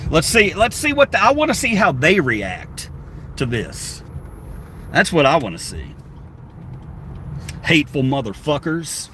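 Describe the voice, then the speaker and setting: A man's voice: on the high side, big pitch swings, measured pace, pauses often, sharp tone, a little hiss or hum. A middle-aged man livestreaming from his car on a phone, reading chat comments and answering them in a combative, sarcastic, foul-mouthed rant. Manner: combative and sarcastic, swearing often. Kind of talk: profane live-stream rant. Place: in a car while driving.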